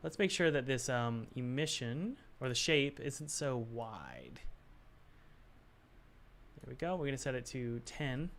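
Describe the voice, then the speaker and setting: Male game dev, mid-pitch, muttering self-talk while working, confused asides. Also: very animated, unhurried, fairly bright tone, a little hiss or hum. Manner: muttering to himself, puzzled, self-talk with sighs. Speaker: game developer. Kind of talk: thinking aloud while working.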